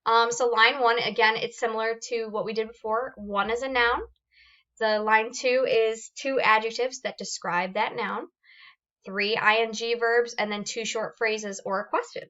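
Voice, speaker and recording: Bright-voiced woman teacher explaining poems. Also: on the high side, fairly even intonation, normal speed, muffled recording. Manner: explains step by step, reads examples aloud with fillers and restarts. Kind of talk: recorded classroom lesson on poetry forms.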